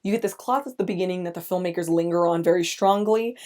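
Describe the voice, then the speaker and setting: A young woman hosting a podcast, recapping a film in casual chat, speaking in halting restarts with nervous laughs as she gets emotional. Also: fairly low pitch, a little mellow. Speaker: podcast host.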